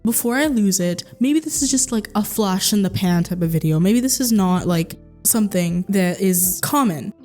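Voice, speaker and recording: A young woman rants to the camera in a vlog, exasperated and animated, throwing out rhetorical questions with the odd swear. Her voice is mellow and relaxed in tone, not sharp. Soft music plays faintly underneath. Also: medium pitch, moderate pace, few pauses. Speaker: YouTuber. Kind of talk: commentary rant vlog. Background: soft background music.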